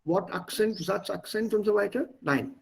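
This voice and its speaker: Husky man teaching German. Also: high voice, normal speed, poor audio. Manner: explains patiently, repeats words and stresses for learners. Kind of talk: online language lesson.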